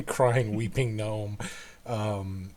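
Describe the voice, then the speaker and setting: A man running a tabletop game as game master, narrating in a halting way with frequent restarts. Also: fairly low pitch, steady tone, a little mellow. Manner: halting, restarts mid-sentence, laughs often.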